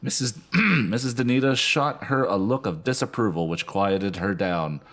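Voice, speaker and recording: A man's voice: fairly low pitch, expressive, normal speed, a bit bright. A man co-hosting a podcast, reading a novel aloud expressively. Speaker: podcast co-host.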